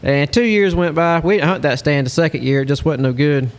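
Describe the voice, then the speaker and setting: A man, a hunting lodge guide, telling a story in a casual, animated way. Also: a little high, fairly quick. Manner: animated storyteller, Southern-style speech.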